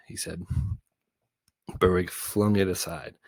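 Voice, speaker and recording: A man's voice: sits low, flat delivery, normal speed, darkish tone, no echo. A man reading a children's novel aloud in a goofy, casual way, with small slips and self-corrections. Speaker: book reader.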